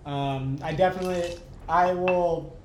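A man hosting a podcast in casual chat, an animated storyteller who laughs often and swears casually. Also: unhurried. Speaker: podcast host. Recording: echoey room with faint rumble.

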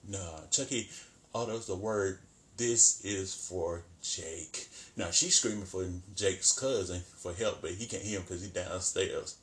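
Male vlogger, low-ish voice, loose colloquial recap, laughs a lot. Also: normal speed. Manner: animated, colloquial, laughs often. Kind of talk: casual commentary.

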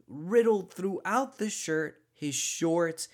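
Casting: man, casual storyteller, emphatic and animated, stumbling restarts. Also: sits high, slow pace, few pauses. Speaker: former social worker telling a story.

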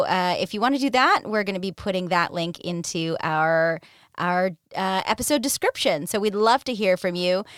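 A woman's voice: lowish voice, smooth, no echo, clean studio sound. A woman hosting a casual podcast, laughing often and using lots of fillers. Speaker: podcast host.

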